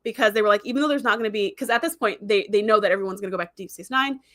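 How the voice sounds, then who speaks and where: A woman's voice: medium pitch, racing, fairly bright tone. A woman hosting a casual livestream, chatting in a rambling way and reading viewer comments aloud. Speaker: livestream host.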